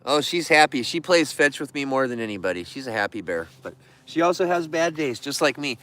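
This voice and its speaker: A man's voice: mid-range voice, sing-song, brisk, fairly bright tone. A man vlogging casually to the camera about his bears, in an emotional, rambling and earnest way, at times turning bitter and heated. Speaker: vlogger who keeps bears.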